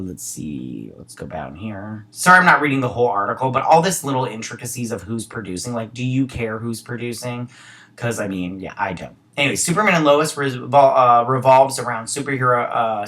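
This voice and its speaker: A man's voice: medium pitch, bright, forceful tone. A man hosting a casual entertainment news roundup, reading articles and breaking off into rambling, opinionated asides. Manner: rambling, opinionated asides between read-out passages. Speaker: host.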